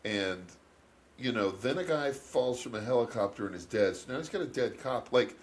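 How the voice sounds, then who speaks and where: A man co-hosting a movie podcast, talking casually and with lots of energy. His pitch swings widely as he retells scenes and laughs along the way. He sits at a middle pitch, neither high nor low. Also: moderate pace. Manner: animated, laughing, acts out quotes with big pitch jumps. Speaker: podcast co-host. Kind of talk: casual movie review chat.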